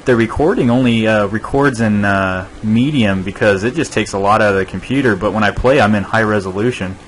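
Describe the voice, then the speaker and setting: A man hosting a gameplay video, chatting casually and relaxed with a fellow player. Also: fairly low pitch, fairly quick, a little hiss or hum, rough recording. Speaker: host.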